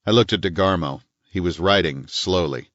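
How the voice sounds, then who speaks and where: A man reading a hardboiled detective novel in first person with a dry, clipped, deadpan delivery. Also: deep voice, normal speed, no echo. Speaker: audiobook narrator. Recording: dull, dry studio audio.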